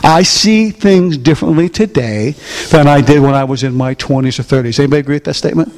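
A man's voice: on the high side, fast talker, darkish tone, big-room sound. An older man preaching a folksy sermon, often asking the congregation questions. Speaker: pastor.

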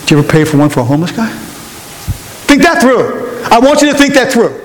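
A man preaching a sermon, telling a story and asking the congregation questions, speeding up and slowing down for emphasis. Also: very high-pitched. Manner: animated, rises and slows for emphasis, asks the congregation questions. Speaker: pastor. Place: church. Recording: long hall reverb, faint hiss.

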